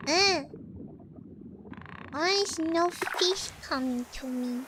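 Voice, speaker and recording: A woman streamer chats casually with her viewers as she plays, in a very high voice with a bright edge. She talks slowly, giggles often and stumbles over repeated words. She sounds cutesy and playfully petulant, with faint noise behind her. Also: animated. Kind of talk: casual stream chat with viewers while gaming.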